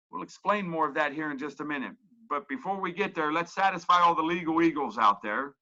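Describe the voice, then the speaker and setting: A man, his voice a little high and very bright. He coaches a webinar audience in a folksy, emphatic manner and hammers his points home by repeating them. The recording sounds muffled and lo-fi. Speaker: real estate coach. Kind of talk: webinar presentation.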